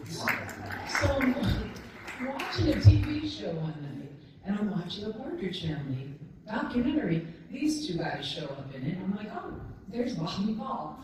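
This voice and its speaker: A woman's voice: medium pitch, big pitch swings, normal speed, darkish tone, a little hiss or hum. Woman in her 60s, chatty self-mocking storyteller, speaking to a crowd, heavy hall echo, distant from the mic. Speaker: guest speaker at a ceremony. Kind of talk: anecdotal speech to an audience. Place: large event hall. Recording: echoey hall, from far off.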